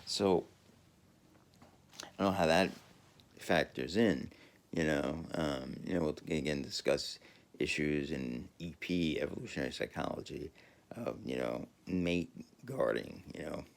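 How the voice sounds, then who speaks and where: A man rambling through a casual monologue, halting often with fillers and restarts and chuckling as he talks. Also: extremely low pitch, vocal fry. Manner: chuckles while talking. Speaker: podcaster.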